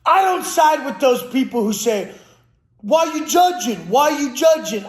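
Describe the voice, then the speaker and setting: A man who trains people for a living, giving a blunt, profane motivational rant with aggressive, preachy force. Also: very high-pitched. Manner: blunt, aggressive, heavy swearing. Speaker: fitness trainer. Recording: roomy echo.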